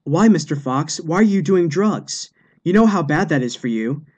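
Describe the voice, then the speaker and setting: A man voicing a prim, preachy male bunny rabbit in a joke, talking slowly and raising his pitch. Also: expressive, darkish tone, slightly rough. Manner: slow and preachy.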